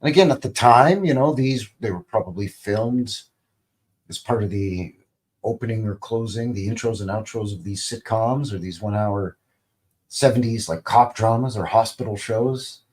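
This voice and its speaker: A man in his fifties talks through old clips in a loose, meandering live-stream style, with plenty of fillers. His voice sits fairly low and unhurried, and he tosses off wry little jokes as he goes. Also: darkish tone. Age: 50s. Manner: rambling, joking asides, many fillers. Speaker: channel host. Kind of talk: casual livestream commentary over TV clips.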